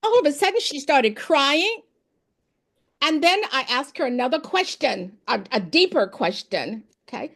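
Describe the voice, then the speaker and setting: A woman with a high voice and an unhurried pace, formerly a principal and now an education expert, tells classroom stories in an informal interview. She brings them to life by animatedly acting out the dialogue.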